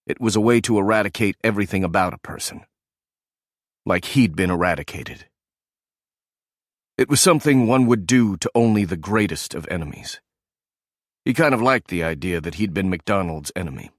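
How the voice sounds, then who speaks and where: Male audiobook narrator, low voice, dry close read. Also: lively intonation, moderate pace, long pauses, no room sound.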